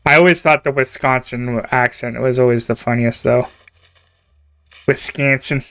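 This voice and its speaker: Smooth-voiced Canadian streamer, chatty. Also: male voice, mid-range voice, steady tone, moderate pace, fairly bright tone. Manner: chatty, rambling, laughs often. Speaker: game streamer. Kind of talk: casual chat while gaming.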